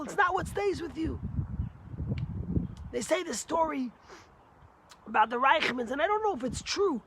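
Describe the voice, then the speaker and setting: A man, a rabbi, giving a sermon with animated, emphatic storytelling. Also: very high-pitched, normal speed, long pauses, a little hiss or hum.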